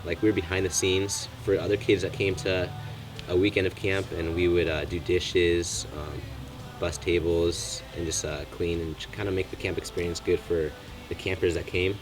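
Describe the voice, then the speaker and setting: A man's voice: sits low, little pitch movement, normal speed, far from the mic. A teenage boy giving a hesitant personal testimony as a student, with many fillers. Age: teens. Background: music.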